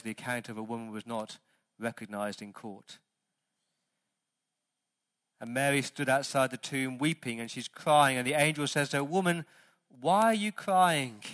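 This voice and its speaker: A man pastor preaching a sermon, stressing words loudly and then dropping to quiet asides. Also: mid-range voice. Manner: emphatic preaching, swings between loud stresses and quiet asides.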